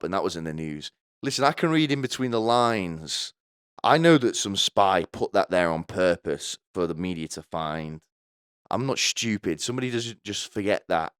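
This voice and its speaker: A young man delivers a crude, sardonic comic monologue with plenty of rambling asides. His voice sits on the lower side. The recording is dry and close, with almost no room sound. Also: clear, resonant tone, no echo. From United Kingdom. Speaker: podcast host. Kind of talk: comedic monologue.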